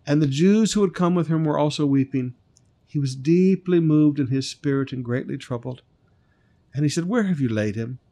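A man's voice: fairly high pitch, warm tone. A man preaching a sermon, retelling a scripture story, stressing key lines and sometimes singing short phrases. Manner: preaching with rising emphasis, breaks into sung lines. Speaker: pastor.

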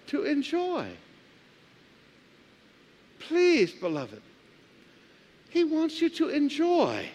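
A pastor preaches with a strikingly high voice. He reads scripture aloud and keeps throwing questions back at the congregation, drawing them into call and response. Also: huge pitch swings, very slow, pauses often, a little mellow. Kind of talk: sermon.

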